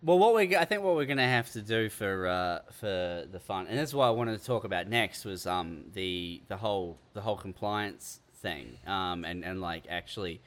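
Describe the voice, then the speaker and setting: A man's voice: deep voice, animated, normal speed, hardly any pauses, a bit bright. A man in casual comedic banter, musing with fillers before joining the joke.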